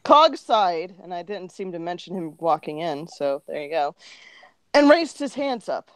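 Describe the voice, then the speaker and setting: A woman's voice: fairly low pitch, sing-song, a little slow, smooth, no room sound. A woman co-hosting a podcast, reading crude fan fiction aloud for laughs and giggling through it. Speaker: podcast co-host.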